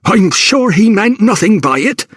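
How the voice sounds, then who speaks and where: Male narrator as a bossy kitchen cook, high-pitched, huffing and scolding. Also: big pitch swings, unhurried, dry recording, studio quality, full character voice. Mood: huffy. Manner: scolding, huffy. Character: older female cook, huffy and scolding.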